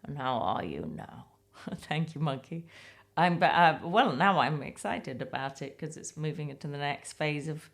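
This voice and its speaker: A woman's voice: low-pitched, fairly even intonation, normal speed. A woman hosting a comedy podcast, chatting casually and self-deprecatingly, with frequent laughs.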